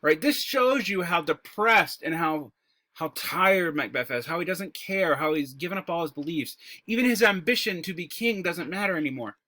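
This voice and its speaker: A man teaching a recorded high school English lesson. He explains terms casually and breaks words into their parts. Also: expressive, normal speed, bright, forceful tone, dry recording. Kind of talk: recorded classroom lecture.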